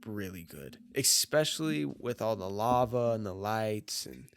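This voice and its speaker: A man's voice: on the low side, lively intonation, measured pace, gravelly, clean tone, no echo. A man co-hosting a casual movie review chat, easygoing and agreeable. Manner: easygoing, agreeable, laughs along. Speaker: podcast co-host, movie reviewer.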